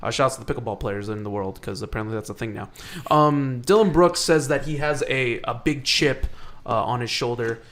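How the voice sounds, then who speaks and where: A man co-hosting a sports podcast, talking excitably in casual chat, often restarting and swearing. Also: mid-range voice, fairly quick. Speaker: podcast co-host.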